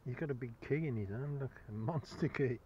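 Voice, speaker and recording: Out in a field, a man with a mid-range, darkish voice talks fairly quickly and cheerfully to the camera while metal-detecting, chuckling and excited by every find. The audio has its highs cut off and slight background noise.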